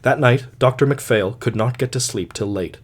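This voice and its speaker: A man narrating a classic short story in a measured, dramatic way. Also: mid-range voice, slightly rough. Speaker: audiobook reader.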